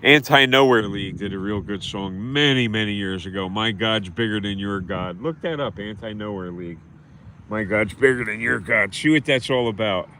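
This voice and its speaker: A man's voice: lowish voice, normal speed, sharp tone, slight background noise. A man hosting a livestream, ranting bitterly and scornfully and repeating himself in a rambling monologue. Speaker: livestream host.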